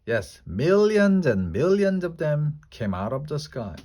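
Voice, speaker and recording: A man's voice: a little high, sing-song, unhurried, pitched above the performer's own voice. A man voicing a frightened pioneer schoolboy in a storybook reading. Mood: upset. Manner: shouting, alarmed.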